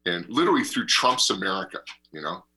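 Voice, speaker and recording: Husky, lively-voiced man chatting on radio. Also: sits low, fast. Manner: animated, rambling storyteller who laughs often. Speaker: radio show co-host. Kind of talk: casual chat and travel storytelling.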